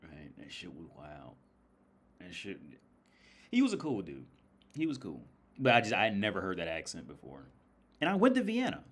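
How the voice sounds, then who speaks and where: Profane, rambling American man, low voice. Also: wildly swooping pitch, normal speed, long pauses, fairly bright tone, husky. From United States. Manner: rambling, profane, laughs often. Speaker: livestream host. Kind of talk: casual livestream talk.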